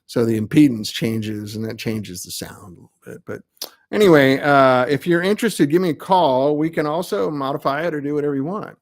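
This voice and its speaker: A middle-aged amp builder hosts his live web show, chatting casually and rambling with self-mocking asides. His voice is fairly high-pitched and a little fast.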